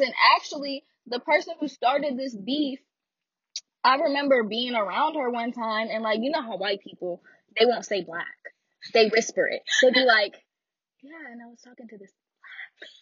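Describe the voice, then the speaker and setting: A young woman whose voice sits high, with a breathy edge, speaks at a moderate pace in a dry, muffled recording. She shares her personal story in a blunt, frank, animated monologue, laughing a lot and adding asides.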